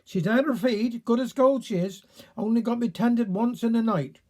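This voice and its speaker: A man with a Cornish accent voicing a brisk village woman in a spoken story. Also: very high voice, dark tone, voice pushed up.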